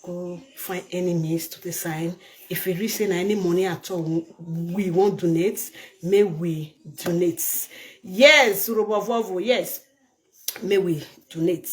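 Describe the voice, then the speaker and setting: An older woman from Nigeria with a Nigerian Pidgin accent, talking straight to her viewers in a casual vlog, emphatic and pleading, often repeating herself. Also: on the low side. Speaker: vlogger. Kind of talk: casual direct-to-camera vlog.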